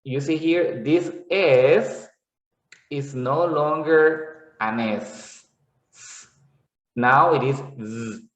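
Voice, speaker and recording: A man gives a slow, unhurried pronunciation lesson, stopping to model single sounds again and again. His voice sits in a mid register and carries a roomy echo. The audio is a little dull and lo-fi. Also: fairly high pitch, far from the mic. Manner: patient, repetitive explaining with drawn-out sound demonstrations. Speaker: English pronunciation teacher. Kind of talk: classroom-style lesson explanation. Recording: echoey room, slightly dull lo-fi sound.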